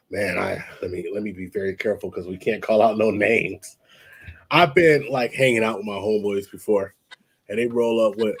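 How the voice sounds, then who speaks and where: A man with a husky, breathy voice hosts a casual live stream. He tells animated stories and slips into other people's voices when he quotes them. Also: medium pitch. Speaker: podcast host.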